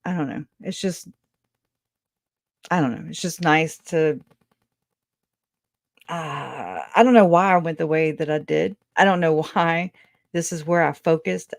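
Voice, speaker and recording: A woman with a low-pitched, creaky voice hosts a call-in show over a video call, the sound clean and studio-like with no echo. She chats casually, rambling, laughing often and trailing off mid-thought.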